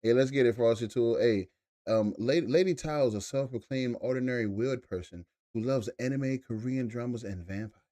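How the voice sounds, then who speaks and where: A man's voice: mid-range voice, moderate pace, dark tone, dry recording. A young man live-streaming, chatting loosely with his chat, swearing and laughing often. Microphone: desk mic.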